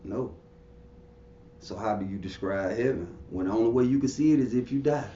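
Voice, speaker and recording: A man's voice: fairly low pitch, a little fast, dark tone, echoey room, dull audio, slight background noise. A man giving an interview, telling stories in a blunt, profane, preachy way. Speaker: interview guest. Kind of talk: casual conversational storytelling.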